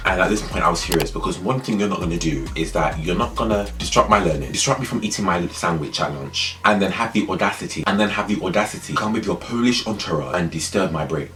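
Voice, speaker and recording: A young man telling a story in a casual, animated way, repeating phrases for emphasis. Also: deep voice, fast, hardly any pauses, faint music behind.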